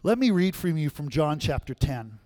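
A man's voice: fairly high pitch, very animated, normal speed, a little mellow, no echo. A male pastor giving a sermon in a conversational way, often checking in with the audience. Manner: conversational, keeps asking the audience "right?".

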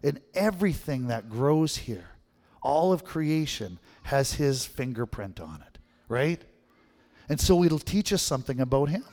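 A man's voice: medium pitch, sing-song, measured pace, darkish tone. A middle-aged Canadian man from Manitoba preaching a sermon, telling stories and asking the crowd questions with a frequent "right?". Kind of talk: sermon with storytelling. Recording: long reverb in a hall.

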